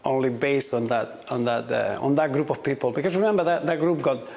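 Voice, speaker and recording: A man's voice: mid-range voice, brisk, creaky, darkish tone. A middle-aged man, a football manager, giving reflective interview answers and often repeating words as he starts his sentences.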